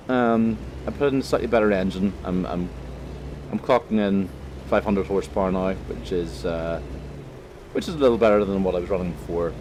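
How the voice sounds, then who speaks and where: Northern Irish man narrating a driving game: lowish voice, loose and chatty, swears freely, faint hiss behind. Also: a little mellow. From Northern Ireland. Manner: rambling, filler-heavy, cheerfully profane. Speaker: gaming commentator. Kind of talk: casual let's-play commentary.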